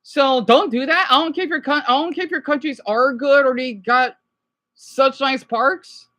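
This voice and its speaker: Woman, reaction host, profane rambling rant, bright edgy tone. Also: high-pitched. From United States. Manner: profane, rambling, quick to apologize. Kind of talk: ranting reaction commentary.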